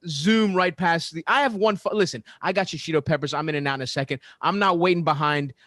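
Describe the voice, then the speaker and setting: A man co-hosting a casual sports podcast, telling a long profane story in animated, ranting bursts. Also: fairly high pitch, quick pace, dry recording, clean studio sound. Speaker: podcast co-host.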